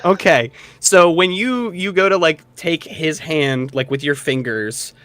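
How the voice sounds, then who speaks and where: A young man running a tabletop game as dungeon master, narrating in a relaxed way with many fillers. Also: a little high, measured pace, no echo.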